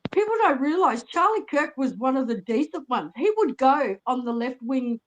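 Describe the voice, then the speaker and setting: A woman's voice: high voice, lively intonation, normal speed, slight background noise, poor audio. A woman guest on a livestream, tearful and upset, talking bluntly with lots of cursing. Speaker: call-in guest. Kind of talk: emotional casual conversation.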